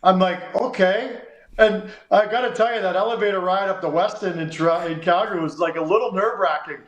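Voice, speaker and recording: A man's voice: high voice, fairly quick, reverberant, low-quality recording. A Canadian man hosting a sports radio show, telling a long story and acting out the dialogue. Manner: animated, acts out quoted dialogue.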